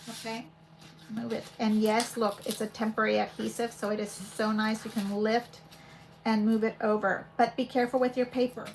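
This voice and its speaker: A woman's voice: on the high side, moderate pace, rough recording. A woman hosting a paper crafting video, chatting casually and thinking aloud as she works at home. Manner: chatty, rambling, thinks aloud while working. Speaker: paper crafting channel host. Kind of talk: casual craft demo chat. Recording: home recording with steady background noise.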